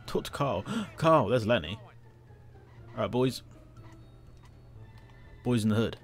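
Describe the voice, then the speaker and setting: A man's voice: mid-range voice, expressive, slow, faint music behind. A man giving casual let's-play commentary, jittery, chatty and self-mocking as he plays. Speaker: gameplay commentator.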